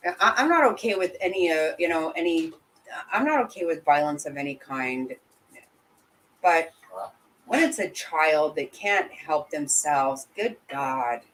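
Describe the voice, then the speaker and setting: A woman's voice: deep voice, animated, a little slow, a bit bright, slight background noise, rough recording. Woman streamer, blunt and indignant, swears a lot, talks to chat. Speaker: livestream host reading chat. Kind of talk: casual livestream commentary.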